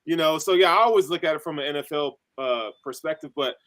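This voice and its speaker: Male co-host, bright slightly high voice, relaxed slangy sports chat. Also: fast talker. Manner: loose and laid-back, fillers like man and dude. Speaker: podcast co-host.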